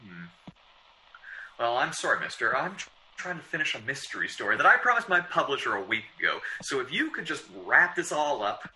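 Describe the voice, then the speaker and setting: A man's voice: medium pitch, very animated, fairly quick, bright, forceful tone, slight background noise, low-quality recording. An actor playing a flustered, stammering male mystery writer in an old-time radio drama.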